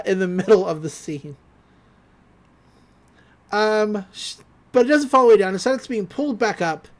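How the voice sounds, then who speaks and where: With a medium-pitched, darkish voice, a podcast host casually recaps a cartoon episode, laughing often and acting out the characters' lines.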